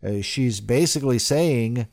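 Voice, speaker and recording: A man's voice: medium pitch, unhurried. A man delivering a political commentary monologue in an emphatic way. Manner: emphatic, rising loudly when quoting.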